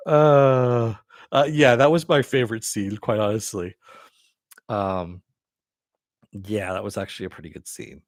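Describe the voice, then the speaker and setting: A man's voice: medium pitch, a little slow, pauses often, dry recording, clean studio sound. A man hosting a casual live-stream TV review, rambling with many fillers and frequent chuckles. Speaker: show host.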